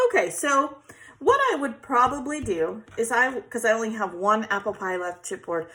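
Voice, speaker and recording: A woman's voice: medium pitch, a bit bright. A chatty woman, hosting a casual crafting tutorial and often checking in with "okay?".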